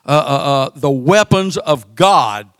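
A man preaching a sermon, often repeating words and pausing on "uh" between phrases. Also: a little high, lively intonation, fairly bright tone, clear, resonant tone, no echo, studio quality.

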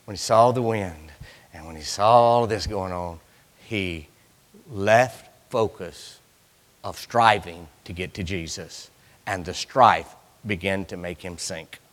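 A man preaching a sermon in a church, swinging from loud cries to hushed lines. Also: low voice, slow pace, in a large hall.

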